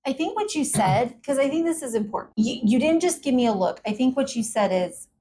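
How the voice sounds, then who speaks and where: A woman co-hosting a relaxed couple's podcast, talking things through with reflective candor. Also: sits high, a little fast, a little hiss or hum. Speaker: podcast co-host. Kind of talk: casual couple's conversation.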